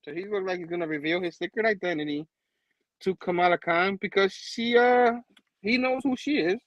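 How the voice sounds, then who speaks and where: A man's voice: sits high, moderate pace, no room sound, low-quality recording. A man hosting a comic book review show, casually recapping an issue in a rambling way, chuckling often and using lots of fillers.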